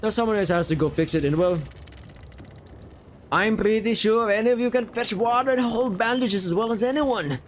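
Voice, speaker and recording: A man voicing a gruff, impatient male sailor who barks orders in a brusque, slangy way. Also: sits high, moderate pace, a little hiss or hum, voice pushed up, close to an everyday voice.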